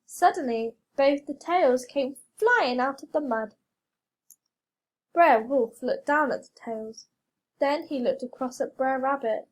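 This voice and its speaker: Slow, expressive woman storyteller. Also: high-pitched. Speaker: reader. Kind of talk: reading a children's story aloud.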